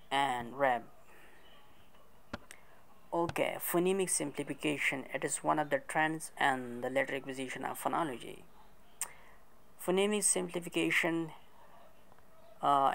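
A woman delivers a methodical recorded lesson, reading out examples one word at a time. Her voice sits low and carries a steady creaky rasp. She takes her time over every point. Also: poor audio. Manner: methodical, marks each new point with "okay". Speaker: teacher. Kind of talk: recorded lecture.

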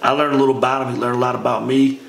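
In an echoey room with a bit of faint noise, a medium-pitched man with vocal fry rattles off a long, casual account of his army training. His delivery is rapid-fire and slangy, and he keeps tossing "man" at the listener constantly in a relaxed way.

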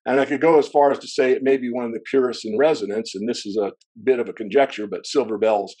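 A man as an interview guest, a metals analyst, explaining at length in a discursive way with frequent throat clearing. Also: medium pitch, fairly even intonation, fast talker, a little mellow. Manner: discursive, wanders into asides.

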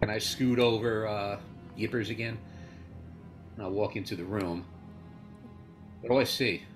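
A man's voice: fairly low pitch, measured pace, faint music behind. A man playing a tabletop game, chatty and playful with his character. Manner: lively, playful in-character asides. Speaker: player.

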